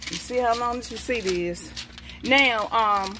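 A middle-aged woman vlogs her shopping haul, chatting casually and reading each price off her receipt in a chatty, folksy manner, telling herself "okay, baby." Her voice is on the high side and unhurried, with a noisy background.

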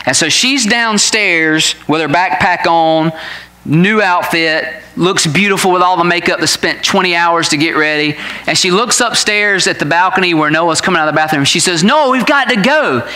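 A man in his forties, a pastor, telling a family story in a sermon in an animated way, laughing at his own tale. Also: fairly high pitch, normal speed.

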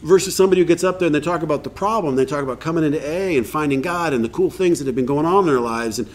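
A man's voice: on the high side, rapid-fire. A man speaking at a recovery workshop, talking in a conversational way and reading passages aloud. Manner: conversational, reads passages aloud, acts out quotes. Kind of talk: informal recovery workshop talk. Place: live workshop event.

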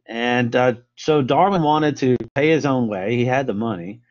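A man's voice: mid-range voice, normal speed, lo-fi sound. American man giving a rambling history lesson. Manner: rambling, many filler sounds and restarts. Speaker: history presenter. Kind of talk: casual spoken lesson.

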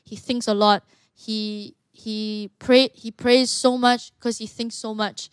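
A woman's voice: on the high side, little pitch movement, slow pace, clean tone, dry recording, clean studio sound. A young woman, earnestly talking as a podcast guest, often restarting her sentences. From Malaysia. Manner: earnest, talkative, with frequent restarts. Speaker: guest, martial arts fighter. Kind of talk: casual podcast conversation.

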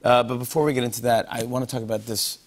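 A man's voice: medium pitch, little pitch movement, quick pace. A man hosting a TV talk show, eagerly prompting his guest with questions. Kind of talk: casual chat.

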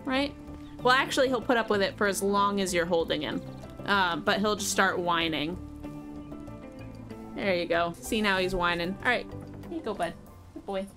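A woman's voice: mid-range voice, normal speed, long pauses. Chatty woman streamer with faint music. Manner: chatty, talks to her cat and chat in a cooing voice. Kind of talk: casual live game commentary.

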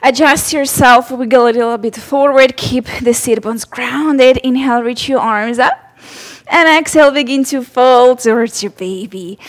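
A woman leading a mother-and-baby yoga class, giving gentle, encouraging cues and cooing to her baby between poses. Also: high-pitched, moderate pace. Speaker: yoga instructor. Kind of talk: guided yoga class instruction.

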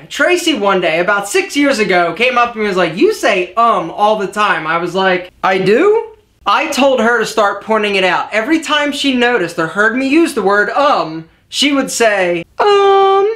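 A man coaching his viewers on an advice vlog, with a lively voice that swings widely in pitch. He keeps it jokey and energetic, and the room adds a clear echo. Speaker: image consultant and vlog host.

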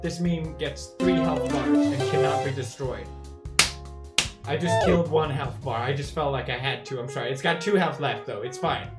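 A man hosting a comedic meme-rating show, goofy and animated, swinging from mumbling to shouting. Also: on the high side, moderate pace, loud music behind the voice. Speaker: YouTuber host.

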